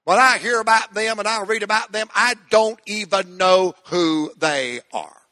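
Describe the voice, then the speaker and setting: High, bright-voiced preaching man. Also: a little slow, no echo, clean studio sound. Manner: call-and-response preaching, rising to shouts. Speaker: pastor. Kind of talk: sermon.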